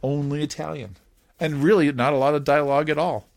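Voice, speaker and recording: A man hosting a casual podcast, talking in a playful, animated way and laughing often. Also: fairly high pitch, fairly quick, gravelly. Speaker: podcast host.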